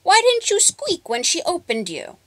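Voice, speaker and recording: A woman voicing a cruel old witch who shrieks in a high-pitched, furious voice. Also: huge pitch swings, moderate pace, fairly bright tone, no room sound, heavily acted.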